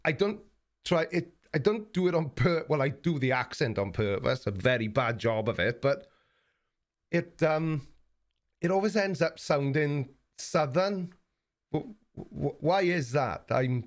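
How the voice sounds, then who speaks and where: A South Welsh man chats through a live stream at a middling pitch, halting and repeating his words as he goes. His tone is blunt and mocking, in a loose, unscripted flow. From South Wales. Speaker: YouTube live stream host. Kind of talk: casual live stream chat reading viewer messages.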